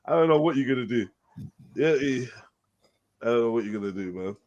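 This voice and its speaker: A man's voice: medium pitch, animated, brisk, darkish tone, highs cut off. A man chatting casually on a panel, telling stories in slang and laughing. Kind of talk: casual chat.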